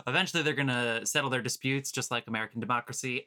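A man's voice: medium pitch, very fast, sharp tone. A man hosting a casual movie podcast over a video call, emphatic and swearing freely, with showman-style segment intros. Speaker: podcast host.

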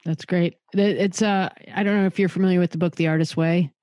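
A man's voice: high-pitched, steady tone, quick pace, a little mellow, no room sound, clean studio sound. A man hosting a podcast, asking questions in a friendly, slightly unsure way and reading a closing outro. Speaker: podcast host. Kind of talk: casual interview, then scripted outro.

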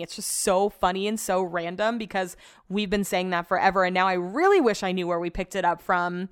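A woman's voice: mid-range voice, a little fast, clear, resonant tone. A woman hosting her podcast alone, rambling in casual chat and swearing now and then. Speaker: podcast host.

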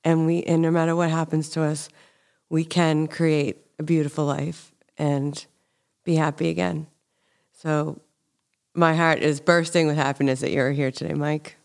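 A woman hosting a podcast, warm and encouraging as she wraps up and reads tips. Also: low-pitched, level tone, unhurried, vocal fry. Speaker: podcast host. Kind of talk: interview and scripted segment reading.

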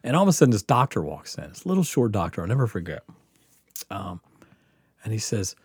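A man, a podcast host telling a story in casual chat, animated and profane, laughing often and acting out quotes. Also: lowish voice, fairly quick, long pauses, husky, dry recording, clean studio sound. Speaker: podcast host answering questions.

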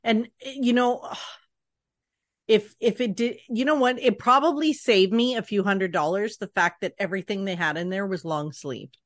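A woman's voice: medium pitch, normal speed, no echo, studio quality. A woman co-hosting a podcast, chatting casually and enthusiastically, often restarting her sentences. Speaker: podcast co-host. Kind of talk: casual chat.

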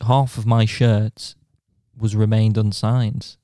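A man's voice: fairly low pitch, level tone, slow, dark tone, no echo, studio quality. A young man in his twenties co-hosting a podcast, telling self-deprecating stories with frequent laughs. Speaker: podcast co-host. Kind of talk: casual chat.

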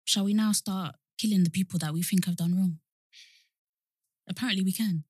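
A woman's voice: medium pitch, steady tone, brisk, darkish tone, slightly rough, dry recording, studio quality. A young woman co-hosting a podcast in casual chat, full of "like" and "you know". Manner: chatty, frequent "like" and "you know" fillers. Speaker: podcast co-host.

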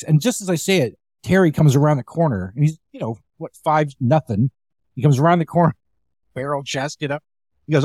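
A man's voice: fairly high pitch, lively intonation, a little fast, darkish tone, dry recording. A comedian telling casual, rambling club stories, acting out the quoted lines as he goes. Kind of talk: casual storytelling chat.

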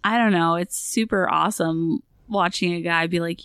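A woman co-hosting a casual movie podcast, lively and blunt, acting out lines from the film. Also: on the low side, normal speed, clean tone, no room sound, studio quality. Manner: animated, acts out quotes, swears and laughs. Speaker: podcast co-host. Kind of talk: casual movie review chat.

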